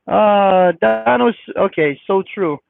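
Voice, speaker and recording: Squeaky high-voiced trucker on a thin line. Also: male voice, slow pace, vocal fry, dry recording, faint music behind. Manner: blunt, defensive, folksy. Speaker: trucker vlogger reading live chat. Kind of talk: casual live-stream chat. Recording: dry, phone-like sound.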